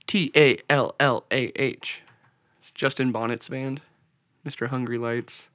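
A man's voice: mid-range voice, steady tone, a little slow, fairly bright tone. A young man in casual podcast chat, telling anecdotes, laughing often and swearing freely. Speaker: podcast co-host.

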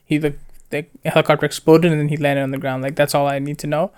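With a fairly high, clear, resonant voice, a young man speaks quickly while co-hosting a film review. He casually rambles, retelling scenes through lively, slang-heavy storytelling.

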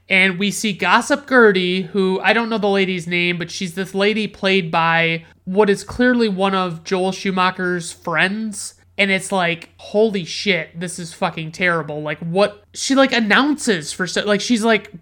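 A woman hosting a movie review show, talking in an unscripted, rambling way. She swears often and leans on filler words. Her voice sits at an ordinary middle pitch. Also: a bit bright. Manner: rambling, heavy swearing, many filler likes. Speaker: podcast host reviewing movies. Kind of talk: casual rant.

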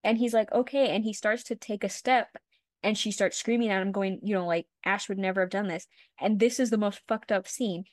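A woman's voice: mid-range voice, fairly even intonation, brisk, no room sound, clean studio sound. A young woman co-hosting a podcast, retelling a story in casual chat, full of "like" fillers and the odd swear word. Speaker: podcast co-host.

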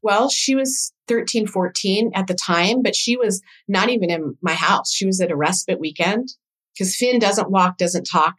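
A woman with a slightly low voice speaks as a podcast guest, recounting her own experiences. She talks in an earnest, reflective way and stays emotionally open. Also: a bit bright. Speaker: guest, doula coach. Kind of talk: personal storytelling in conversation.

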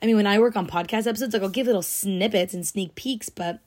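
Speaking quickly in a medium-pitched, slightly mellow voice, a young podcast host chats casually on her own show. Her talk is gushing and peppered with "like," and she's emotional, close to tears.

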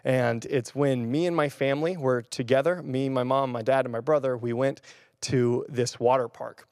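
A man's voice: medium pitch, fairly even intonation, moderate pace, a little mellow, no room sound, clean studio sound. A young man, a pastor, giving a casual sermon on camera. He talks in a chatty, rambling way with fillers and restarts. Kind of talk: casual sermon with personal story. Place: church or room filmed on camera.

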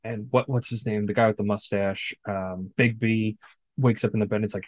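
Low-voiced man recapping a film. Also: moderate pace, dry recording. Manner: animated recapping, blunt and profane. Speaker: podcast co-host. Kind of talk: casual movie discussion.

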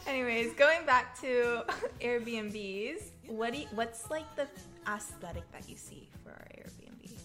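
A woman's voice: fairly high pitch, slow pace. Teasing young woman, music under her voice. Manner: teasing, playful, laughs a lot. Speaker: podcast co-host. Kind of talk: casual chat.

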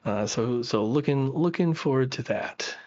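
A man's voice: mid-range voice, animated, moderate pace, darkish tone, lo-fi sound. A man co-hosting a podcast, chatting casually and enthusiastically with lots of fillers and restarts. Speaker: podcast co-host.

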